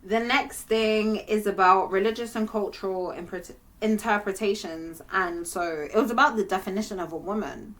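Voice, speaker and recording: A young woman talking to camera in a candid, animated monologue, sometimes breaking into laughter. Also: medium pitch, normal speed, few pauses. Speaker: vlogger.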